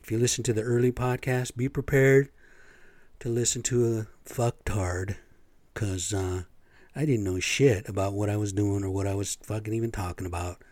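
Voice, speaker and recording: A man's voice: fairly low pitch, steady tone, moderate pace, a little mellow, no echo. A man hosting his own podcast, rambling in casual, profane talk with lots of fillers. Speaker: podcast host. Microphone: podcast microphone.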